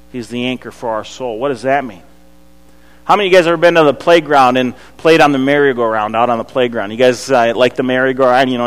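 A pastor, preaching a sermon that swings from loud to hushed. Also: male voice, mid-range voice, clear, resonant tone. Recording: long hall reverb.

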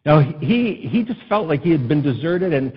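A male pastor preaching a sermon in an impassioned way that builds to loud, emphatic peaks. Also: fairly high pitch, big pitch swings, normal speed, breathy edge, highs cut off.

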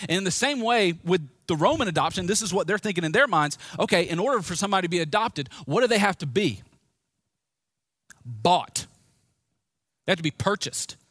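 Lively conversational male preacher. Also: high voice, dry recording, studio quality. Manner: conversational, lively preaching with asides and audience prompts. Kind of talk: sermon.

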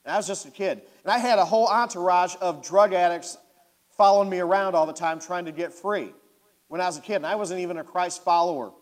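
Preacher in a reverberant hall. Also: male voice, high-pitched, quick pace. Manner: animated, talks to the congregation directly. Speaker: pastor. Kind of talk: sermon storytelling.

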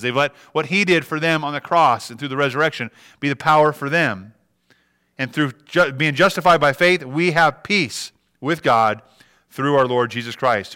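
A man's voice: a little high, pushed and bright. A middle-aged man preaching a sermon as a pastor, earnest, with frequent restarts and rhetorical questions.

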